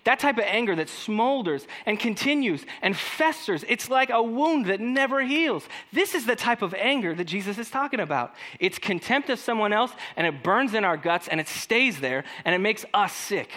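A man's voice: high-pitched, moderate pace, few pauses. A male pastor preaching a conversational sermon, acting out quoted lines and speaking directly to the congregation. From California. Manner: conversational, animated, acts out quoted voices.

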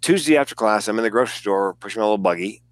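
A comedian telling an animated story in casual conversation, acting out the voices of the people in it and swearing freely. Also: male voice, on the low side, rapid-fire, no room sound, studio quality. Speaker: guest comedian.

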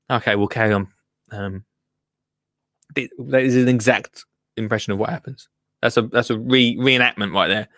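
Bright-voiced man hosting a podcast. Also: mid-range voice, fairly even intonation, moderate pace, pauses often, no echo, studio quality. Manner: rambling, self-interrupting, jokey. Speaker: podcast host. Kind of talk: casual podcast chat reading news.

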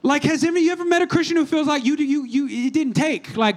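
High-pitched guy preaching, funny rambly story, keeps talking to the crowd. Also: quick pace. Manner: humorous rambling storytelling with audience call-outs. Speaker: pastor. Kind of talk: sermon.

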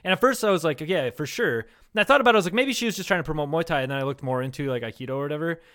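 A man co-hosting a loose comedy podcast, his voice sitting a bit high for a man. He tells crude stories with lots of swearing and breaks into laughter often. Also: expressive, rapid-fire, a bit bright. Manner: crude, profane storytelling with frequent laughter. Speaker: podcast co-host. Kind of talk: casual comedy podcast chat.

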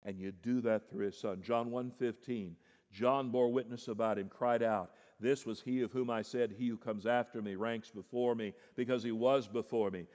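A middle-aged man preaching a sermon as pastor, dropping low and quiet, then rising sharply in pitch and volume for emphasis. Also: fairly even intonation, normal speed. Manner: swings from soft and low to loud, high-pitched emphasis. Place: church sanctuary. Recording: long hall reverb.

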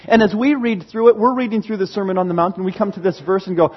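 High husky guy preaching, laughs a lot, acts out quotes, kinda muffled lo-fi sound. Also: fast. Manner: animated, laughing, acting out quoted voices. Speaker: pastor. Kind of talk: sermon.

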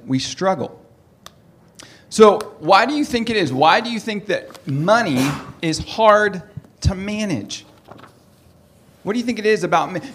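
A man's voice: sits high, a bit bright. A man preaching a sermon in a joking, conversational way, asking his audience questions.

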